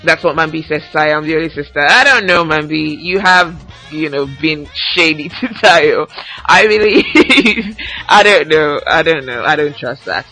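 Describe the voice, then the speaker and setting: A woman hosting a casual solo podcast, reading out fan tweets in a lively, chatty way and laughing a lot. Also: low-pitched, measured pace, soft background music, poor audio. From Nigeria. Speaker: podcast host.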